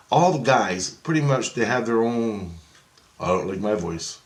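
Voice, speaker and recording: A man's voice: lowish voice, lively intonation, unhurried. Agitated, profane man in an echoey room. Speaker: vlogger. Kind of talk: rambling spiritual monologue.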